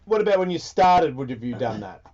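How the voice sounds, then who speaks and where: A man hosting a radio talk show in casual chat, animated and excitable, swearing freely. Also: fairly high pitch, a little fast. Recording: dull lo-fi broadcast audio.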